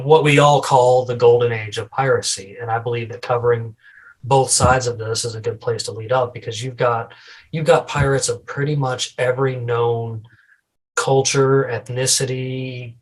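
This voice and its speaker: A man's voice: mid-range voice, steady tone, moderate pace, poor audio. A man hosting a casual podcast, talking loosely with repeated words and restarts. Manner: rambling, repeats words, tells corny jokes. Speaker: podcast host.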